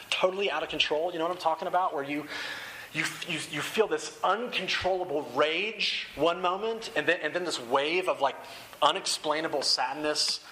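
An earnest young man preaching to a room of seated listeners, his voice bright, forceful and a bit high. He talks like a conversation, restating lines as he builds. A faint hiss runs under the recording. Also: low-quality recording. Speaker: campus ministry speaker. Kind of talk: sermon. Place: room with rows of chairs.

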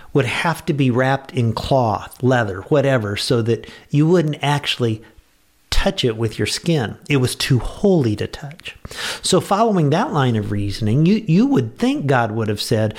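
An earnest male pastor gives a devotional radio message in a conversational, mid-pitched voice. He talks plainly to the listener and lifts into bursts of enthusiasm. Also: very animated, a little slow, darkish tone.

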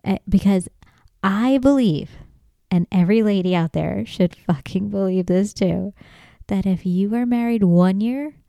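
A woman hosting a podcast alone, ranting in a casual, profane way, getting loud and emphatic as she goes. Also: mid-range voice, a little slow, gravelly, no echo, clean studio sound. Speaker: podcast host. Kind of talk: casual solo monologue.

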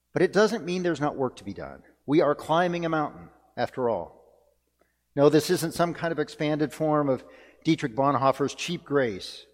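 A man delivering a sermon as pastor, earnest and reflective, repeating key phrases for emphasis. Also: mid-range voice. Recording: long reverb of a church hall.

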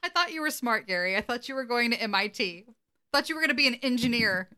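A woman co-hosting a podcast, casually recapping an episode with animated, laughing delivery. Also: on the high side, fast talker. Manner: animated, acts out quotes, laughs often. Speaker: podcast co-host.

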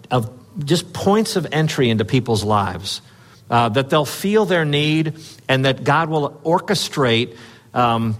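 A man preaching a conversational sermon as pastor, telling a personal story with earnest urging and frequent fillers. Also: medium pitch.

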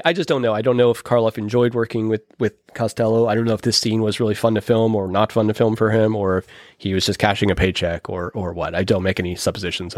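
A man's voice: on the low side, a little mellow, no room sound, studio quality. A man chatting casually about old films, rambling with many restarts and plenty of enthusiasm. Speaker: podcast host or guest discussing films. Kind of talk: casual chat.

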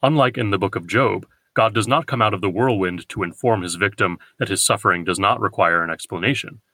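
A man hosting a poetry podcast, giving a scripted, measured lecture and slowing down to read verse. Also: on the low side, bright, forceful tone, dry recording. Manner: measured, deliberate, slows for quoted verse.

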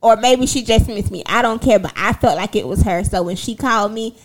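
A young woman, chatting casually and sassily to her viewers, telling a story in an animated way with laughter. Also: mid-range voice, fairly quick. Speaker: livestream host.

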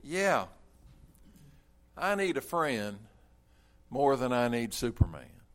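A preacher voicing a lonely little boy who keeps pleading with his busy father, speaking earnestly at a raised pitch. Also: big pitch swings, slow.

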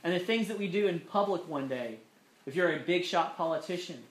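A man preaching a sermon, earnest, with slow emphatic phrasing that drops softly into prayer. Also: a little high, slight background noise. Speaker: pastor. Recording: echoey room.

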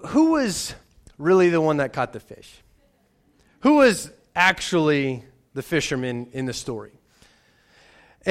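Chatty, fairly high-voiced man preaching. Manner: conversational, often repeats words as he restarts. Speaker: pastor. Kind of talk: sermon with a personal story.

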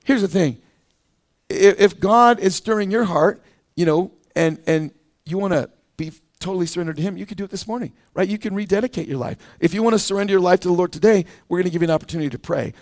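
A middle-aged man preaching a sermon as pastor, in an animated, conversational way, often acting out quoted voices. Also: sits high, quick pace. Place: church.

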